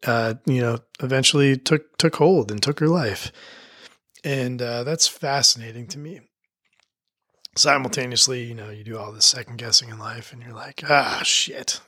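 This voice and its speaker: A man's voice: medium pitch, a bit bright. A middle-aged man giving a rambling, heartfelt intro monologue as a podcast host, swearing freely and full of fillers and restarts. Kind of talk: emotional spoken intro monologue.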